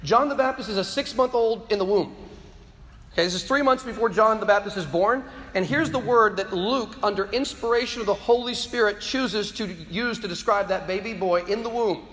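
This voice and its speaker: A man's voice: high-pitched, moderate pace, a bit bright. A man giving an impassioned, preaching-style talk to a live audience of students, often repeating words as he presses a point. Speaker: speaker addressing students. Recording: long hall reverb.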